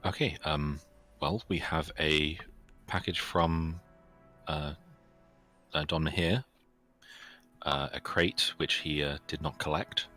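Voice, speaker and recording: Pria bersuara sangat rendah dan cerah. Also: male voice, extremely low pitch, fairly even intonation, slow pace, pauses often, pushed and bright, soft background music. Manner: polite, formal, hesitant. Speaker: player. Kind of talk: in-character roleplay.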